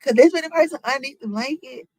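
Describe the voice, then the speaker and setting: Gravelly woman chatting with her stream. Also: high voice, fast, a little mellow, no echo, low-quality recording. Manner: talks to chat, rhetorical questions, African American Vernacular English phrasing. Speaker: streamer reacting to celebrity news. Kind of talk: casual reaction chat to viewers.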